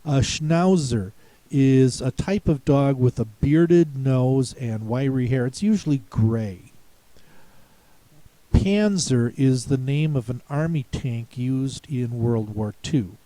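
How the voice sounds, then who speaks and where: A man teaching a spelling lesson, speaking slowly and deliberately, pausing to repeat words and spell them out. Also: medium pitch, mellow, dry recording. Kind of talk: slow explanatory lesson.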